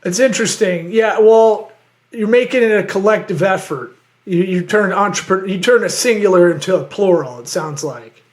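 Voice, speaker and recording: A male podcast host with a hoarse, worn-out voice, chatting and joking casually with his guest. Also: high-pitched, normal speed.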